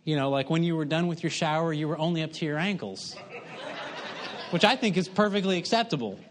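Male preacher, middle-aged, folksy storyteller, pokes fun at himself, a bit high-pitched. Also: expressive, fairly quick, slight background noise. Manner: folksy storytelling, self-mocking humor. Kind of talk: sermon.

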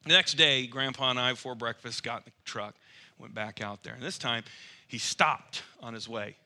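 A man preaching through a lively, self-mocking personal story. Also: medium pitch, moderate pace. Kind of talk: storytelling sermon.

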